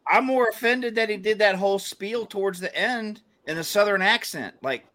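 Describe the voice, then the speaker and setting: A man's voice: high-pitched, normal speed. A man on a podcast, joking in a mock-offended tone. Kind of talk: casual chat. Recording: crowd noise behind.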